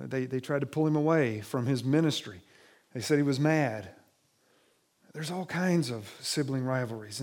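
A pastor delivers a sermon to his congregation in a church, talking to them in a relaxed, conversational way. His voice sits a little higher than most men's, and he often restarts a phrase before finishing it. When he reads scripture aloud he turns more dramatic. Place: church sanctuary.

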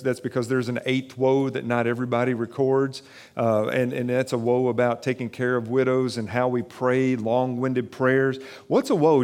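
A man preaching a sermon as a pastor, earnest and pleading, often restarting phrases and dropping softer for reflective questions. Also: on the high side.

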